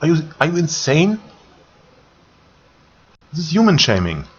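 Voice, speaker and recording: Grumpy German man ranting slowly. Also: a little high, wildly swooping pitch, husky. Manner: grumpy, halting, repeats words and swears. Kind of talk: ranting monologue vlog. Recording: dull lo-fi recording.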